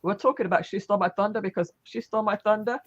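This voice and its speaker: A woman hosting a live online talk show chats casually, warmly heaping repeated praise on a guest with plenty of restarts and fillers. Her mid-range voice races along, sounding slightly rough, with the highs cut off.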